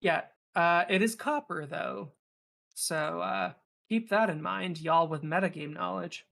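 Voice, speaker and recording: A man's voice: high voice, unhurried, gravelly, fairly bright tone. Rambling young man running a tabletop game. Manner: rambling with many fillers and restarts. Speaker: game master.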